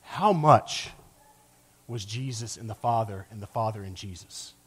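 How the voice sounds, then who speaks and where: A man preaching a sermon with passion, rising to loud emphatic peaks and dropping to a low, quiet voice, sometimes acting out quoted lines. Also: unhurried, slightly rough. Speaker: pastor.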